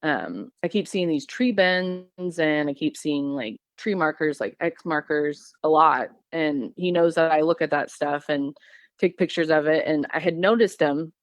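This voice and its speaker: Unhurried and low-voiced, a Missouri woman recounts her encounter as a podcast guest, meandering through fillers and restarts. The recording is dry.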